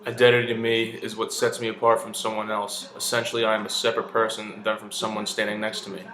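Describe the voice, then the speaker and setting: A man's voice: fairly low pitch, monotone, fast, fairly bright tone. A man giving a matter-of-fact interview answer, recorded in an echoey room.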